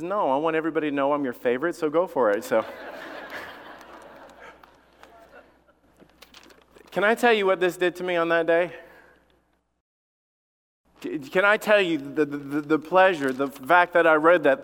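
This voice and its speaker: A man's voice: fairly high pitch, fairly bright tone. A middle-aged man preaching a sermon as pastor, telling family stories in a conversational way and building to strong emphasis. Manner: conversational storytelling with laughs and rising emphasis. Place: church sanctuary. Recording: long reverb of a large hall.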